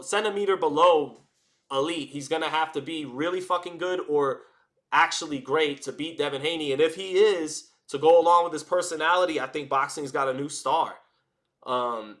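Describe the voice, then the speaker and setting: A man talks on his live stream in a bright, forceful voice that sits a little high. He rambles through casual commentary with plenty of fillers and restarts, close to a desk microphone. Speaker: boxing commentator and livestream host.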